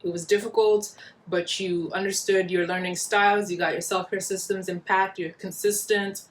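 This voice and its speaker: A woman's voice: medium pitch, flat delivery, normal speed. A woman hosting her own wellness channel, chatting to camera at home in a friendly, explaining way while eating. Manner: friendly, explanatory, addresses viewers directly. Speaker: wellness vlogger and channel host. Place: small home indoors.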